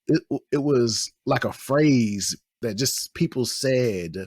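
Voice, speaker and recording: Husky man ranting on a podcast. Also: mid-range voice, expressive, slow, a little mellow, dry recording, studio quality. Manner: rambling, exasperated rants with many restarts. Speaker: podcast host. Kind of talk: casual chat.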